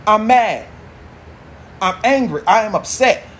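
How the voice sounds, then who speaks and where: A high-pitched man runs a solo podcast. He rambles and swears freely, heavy on slang. A faint hiss of noise sits under his voice. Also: animated, slow, a bit bright. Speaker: podcast host. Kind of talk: casual monologue.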